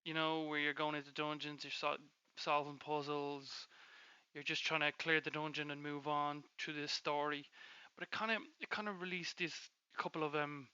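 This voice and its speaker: Teasing young guy, bright sharp voice, muffled lo-fi mic. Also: on the high side, little pitch movement, clear, resonant tone, no room sound. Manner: teasing, quick to laugh. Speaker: podcast co-host. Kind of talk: casual gaming chat. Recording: dull lo-fi mic.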